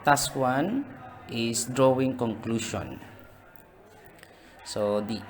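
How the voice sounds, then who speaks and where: A man teaching a slide lesson, explaining slowly with fillers and restating points. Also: medium pitch. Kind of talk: slide-based online lesson.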